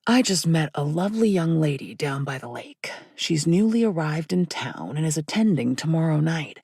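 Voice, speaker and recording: Kindly older priest, voiced by a woman, soft and encouraging, low pitch with some gravel. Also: expressive, moderate pace, dry recording, clean studio sound, heavily acted. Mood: reassuring.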